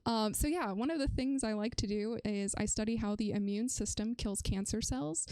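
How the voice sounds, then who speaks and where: A woman's voice: medium pitch, normal speed, hardly any pauses, darkish tone, clean tone, dry recording. A young woman streaming from a room at home, chatting in a bubbly, giggly way with her viewers. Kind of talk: casual live-stream chat.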